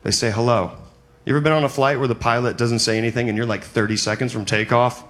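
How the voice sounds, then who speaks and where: A man doing a stand-up routine in a conversational way, jumping into high squeaky outbursts. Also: fairly even intonation, quick pace, fairly bright tone. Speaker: stand-up comedian.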